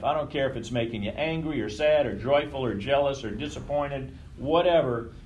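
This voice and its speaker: A man's voice: on the high side, a little mellow, a little hiss or hum, poor audio. A man leading a group session in a casual teaching talk, conversational, swearing freely and often checking in with his listeners. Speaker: workshop leader.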